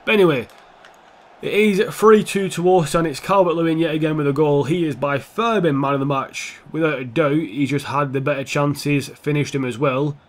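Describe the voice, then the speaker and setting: A young man giving casual, foul-mouthed commentary over his own football video game, switching between calm play-by-play and heated rants. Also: on the high side, moderate pace. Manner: swears a lot, swings from calm play-by-play to heated outbursts. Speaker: gaming YouTuber.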